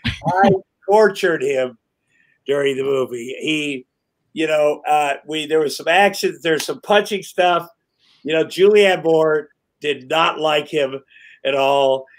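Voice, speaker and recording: A man on a podcast as a guest, telling rambling, animated stories, swearing and laughing as he goes. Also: fairly high pitch, takes it slowly, low-quality recording. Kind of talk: casual chat.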